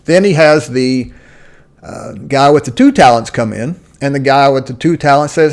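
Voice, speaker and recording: A man giving a casual solo talk on faith and money, speaking conversationally with occasional restarts as he searches for words. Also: normal speed. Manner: conversational, acts out quoted voices with rising pitch. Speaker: Christian finance teacher.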